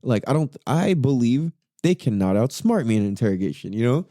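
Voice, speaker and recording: A man's voice: a little fast, no echo, studio quality. A man hosting a podcast, telling a story in a casual, profane way, with his voice jumping up when he quotes his own thoughts. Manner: animated and profane, pitch jumps when quoting himself. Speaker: podcast host.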